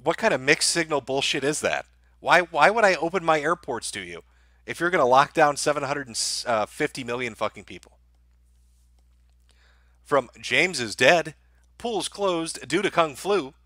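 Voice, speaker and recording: A man's voice: a little high, expressive, normal speed, bright, forceful tone, no echo, studio quality. A man hosting a livestream, reading viewer donations and answering them in sardonic, profane commentary. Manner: sardonic, blunt, swears freely.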